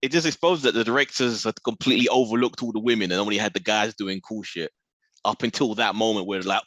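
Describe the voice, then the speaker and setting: A man co-hosting a podcast, chatting casually with blunt, animated remarks. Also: lowish voice, no room sound. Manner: animated, blunt, quick bursts. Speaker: podcast co-host. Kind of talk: casual chat.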